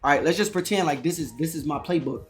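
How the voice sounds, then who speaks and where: A man's voice: on the high side, quick pace, soft background music. Amped-up, rambling male trading vlogger. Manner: energetic, rambling, self-correcting, says "all right" and "you know" a lot. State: amped up on coffee. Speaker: day trading YouTuber. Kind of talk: casual to-camera trading advice.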